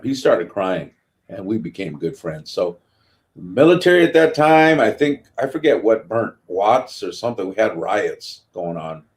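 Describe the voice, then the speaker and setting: Deep-voiced older storytelling man. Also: a little slow. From California. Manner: animated storyteller, acts out quotes. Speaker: guest, veteran. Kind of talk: storytelling interview.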